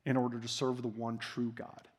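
A man voicing a repentant former tax collector in a sermon retelling, speaking softly and haltingly. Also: mid-range voice, monotone, slight background noise, pitched below the performer's own voice, close to an everyday voice. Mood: earnest.

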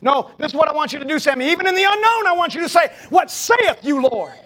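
A male pastor delivering a dramatic sermon. His voice is very high and full of pitch swings. He moves from near-whispers to shouts. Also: lively intonation, rapid-fire, a little hiss or hum. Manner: dramatic, shifting between hushed and shouted.

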